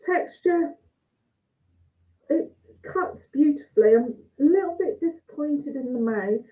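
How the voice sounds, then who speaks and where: A woman with a high, mellow voice and lively intonation speaks at a measured pace. She's judging cheese over a video call, thinking aloud and chatting as she tastes and slices, and the audio sounds tinny, like a phone.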